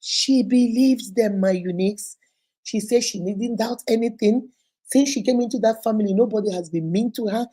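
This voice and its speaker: A Nigerian woman vlogger retelling a story in a chatty, animated way and addressing her viewers. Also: on the high side, moderate pace. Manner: animated retelling, acts out quoted voices, chatty asides to viewers.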